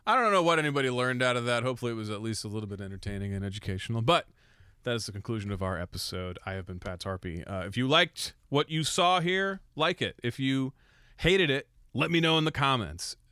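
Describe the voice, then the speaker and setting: Young guy breaking down a mix, crisp dry voice, jokey and sweary, talks down to himself a lot. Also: medium pitch, fast talker, sharp tone, no room sound. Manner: irreverent, swears, self-mocking. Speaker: music producer and mixer. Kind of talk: casual tutorial with jokes.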